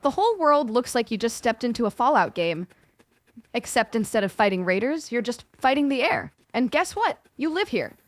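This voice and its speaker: A woman's voice: a little high, big pitch swings, moderate pace, dry recording. A woman co-hosting a scripted podcast, talking in a playful way full of gaming slang. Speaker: co-host.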